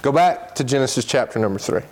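A man teaching a Sunday school Bible lesson in an earnest way, slowing down when he stresses a point and reading scripture aloud in quick bursts. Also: mid-range voice, lively intonation, a little mellow, a little hiss or hum.

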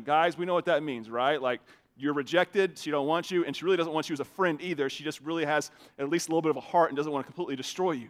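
In a racing, conversational sermon, a high-voiced pastor often repeats words as he begins a phrase. His volume swings widely, from soft asides to emphatic, raised lines.

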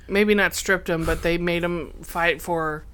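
A woman co-hosting a casual chat, blunt and quick to laugh and swear. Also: on the low side, steady tone, a bit bright, clean tone. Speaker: podcast co-host.

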